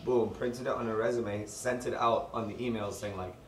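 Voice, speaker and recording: Picked up on a faraway mic in an echoey, noisy room, a young man shares a casual story with friends, chuckling and acting out people's lines. His voice is fairly low and steady, at normal speed.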